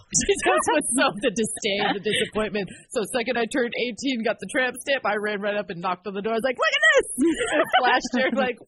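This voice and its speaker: Animated woman telling stories with quotes. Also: medium pitch, a little fast, a little hiss or hum. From United States. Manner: animated storytelling with acted-out quotes. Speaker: podcast co-host. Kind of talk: casual chat.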